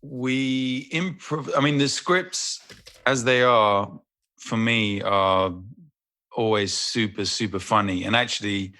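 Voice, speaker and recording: A man, an actor guest, chatting casually in a podcast interview, telling animated stories and swearing freely. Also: mid-range voice, takes it slowly.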